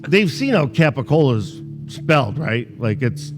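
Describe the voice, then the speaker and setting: A man's voice: medium pitch, very animated, measured pace, in a large hall, over music. A man hosting a podcast in casual comedic banter, crude and teasing in a blunt way. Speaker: podcast host.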